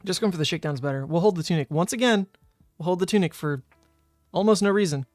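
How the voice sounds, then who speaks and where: A young man with a fairly high voice streams a card game, thinking aloud about each play and trading wry remarks with his chat. His voice sounds close and dry, with faint music underneath. He grew up in New Orleans, but his speech has no regional accent. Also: quick pace, a little mellow, no room sound. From New Orleans, Louisiana, USA. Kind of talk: casual live-stream commentary.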